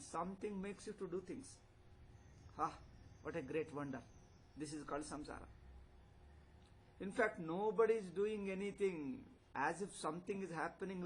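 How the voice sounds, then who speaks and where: A man's voice: on the high side, a little hiss or hum, low-quality recording. An older man teaching a spiritual lecture, emphatic and repetitive, asking rhetorical questions. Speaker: Vedanta teacher.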